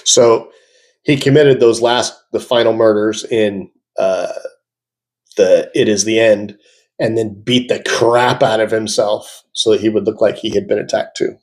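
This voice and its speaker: A man's voice: on the low side, steady tone, a little slow, a little mellow. A man hosting a reaction video, chatty and opinionated, with frequent fillers as he shares his views. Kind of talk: casual reaction commentary.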